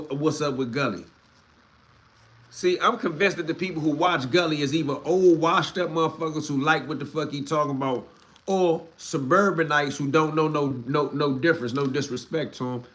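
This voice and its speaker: Blunt, heated man ranting on a livestream. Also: a bit bright. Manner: blunt, heavy swearing, street slang; heated, rises in pitch when worked up. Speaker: livestream host.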